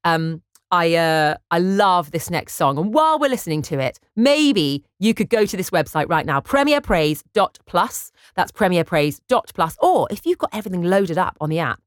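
A woman presenter on a Christian radio station, making an upbeat, persuasive appeal for donations. Her pitch sits fairly low, but her delivery swings widely up and down. The studio sound is close and dry. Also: big pitch swings, moderate pace, no echo.

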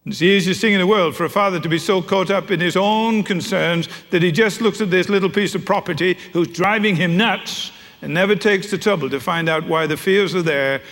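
A man's voice: fairly high pitch, a bit bright. A middle-aged man preaching a sermon, telling wry family stories. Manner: storytelling, wry. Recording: echoey hall.

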